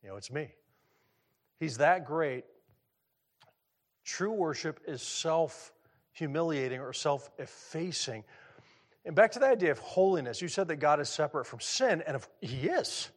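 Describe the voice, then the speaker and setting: Middle-aged male pastor, fairly high voice, chatty preaching style with questions for the room. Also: lively intonation, measured pace. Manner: conversational, asks the audience questions; repeats words when restarting. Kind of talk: sermon.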